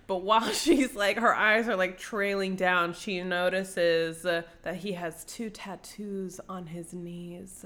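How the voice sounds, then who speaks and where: A woman casually recapping a book for her co-host, bright and clear in tone. She swears freely, laughs often and acts out the characters. She sounds a little tipsy from wine. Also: medium pitch, fairly even intonation, slow, few pauses. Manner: giggly, swears freely, acts out scenes with exaggerated voices. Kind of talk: casual chat.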